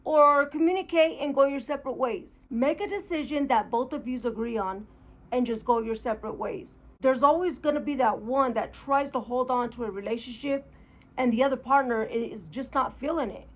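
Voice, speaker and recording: A woman's voice: on the high side, normal speed. A woman talking in a candid, emotional, rambling vlog monologue about her own life, recorded at home. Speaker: motorcycle vlogger.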